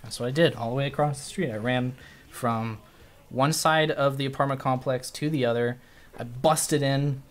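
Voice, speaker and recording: In a casual chat, a male streamer spins a long, rambling story, cursing freely and switching into animated voices whenever he quotes someone. His voice is mid-range and his pace moderate.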